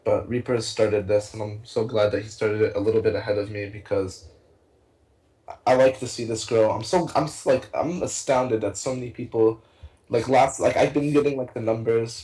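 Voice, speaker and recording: Young male co-caster, casual and rambling, full of fillers, excitable. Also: medium pitch, rough recording. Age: young adult. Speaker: tournament co-caster. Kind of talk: casual esports casting.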